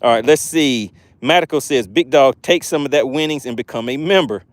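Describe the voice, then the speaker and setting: A man hosting a fishing live stream while he fishes. He reads the chat aloud, keeps exclaiming in excitement and keeps plugging channel membership. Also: medium pitch, brisk, no room sound. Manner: chatty and promotional. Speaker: fishing livestream host.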